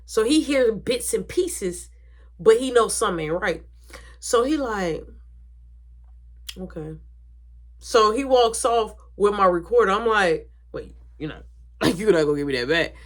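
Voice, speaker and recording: Animated young woman telling a family story. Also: mid-range voice, normal speed. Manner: animated, acts out quoted voices, drops to whispers. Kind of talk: casual storytime.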